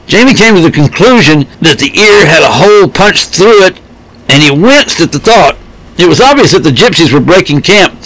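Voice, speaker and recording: A man narrating a storybook in a steady, measured reading voice. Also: a little high, low-quality recording.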